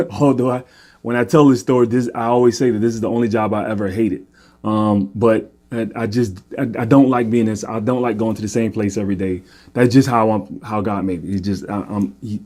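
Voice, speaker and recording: A man's voice: fairly low pitch, mellow. A man casually telling a personal faith story, earnest and often repeating himself, checking in with "right?". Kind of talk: casual testimony monologue.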